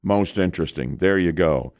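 A man's voice: deep voice, normal speed, darkish tone. A middle-aged man hosting a radio morning show, wry and self-mocking in his banter. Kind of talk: talk radio banter and news reading. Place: radio studio. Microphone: studio microphone.

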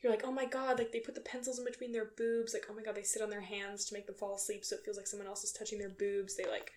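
A woman's voice: mid-range voice, little pitch movement, a little mellow. A young woman co-hosting a casual podcast chat, chatty and laughing often. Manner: chatty, laughing, quick asides. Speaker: podcast co-host.

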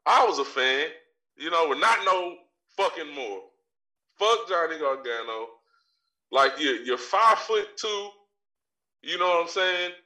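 A man's voice: a little high, animated, unhurried, long pauses, bright, forceful tone, recorded from a distance. Brash trash-talking man in an echoey room. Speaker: podcast co-host with a wrestling segment. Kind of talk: profane ranting commentary.

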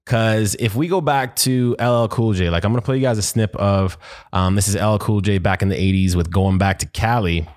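A man's voice: lowish voice, brisk, a little mellow. Laid-back man hosting clip commentary. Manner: laid-back, rambling with many fillers. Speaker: host. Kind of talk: casual commentary on clips.

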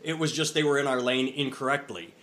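A man's voice: medium pitch, brisk. A man co-hosting a podcast, telling a long story in casual chat with restarts and swearing. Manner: rambling, animated storyteller with profanity and restarts. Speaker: podcast co-host. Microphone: over a phone-computer call.

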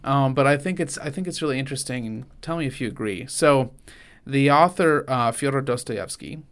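A man co-hosts a podcast in an earnest, conversational way. His voice sits at a middle pitch, and he often restarts his sentences and stumbles before finding the thought. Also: fairly bright tone, clear, resonant tone. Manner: earnest, halting with many restarts and fillers. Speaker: podcast co-host.

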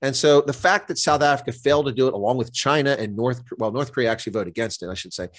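A man's voice: mid-range voice, fast, dry recording. Indignant man arguing politics. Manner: indignant, impassioned, emphatic. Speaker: guest commentator. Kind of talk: political interview.

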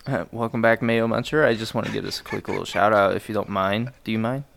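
Laid-back gravelly young man hosting. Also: on the low side, steady tone, fast, fairly bright tone. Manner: laid-back, swears casually, laughs often. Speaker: podcast host. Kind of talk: casual podcast banter.

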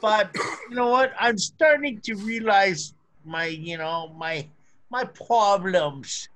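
A man on a video call chatting loudly and crudely, swearing in nearly every sentence. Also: high-pitched, slow pace. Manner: loud, crude, swears constantly. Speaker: caller on a video call show. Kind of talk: rowdy casual chat.

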